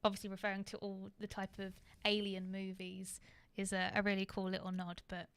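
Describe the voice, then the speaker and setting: A woman's voice: medium pitch, monotone, fairly quick, a bit bright, clear, resonant tone, no echo. Giggly, chatty woman in a dry room. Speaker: co-host of a movie news livestream. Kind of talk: casual chat.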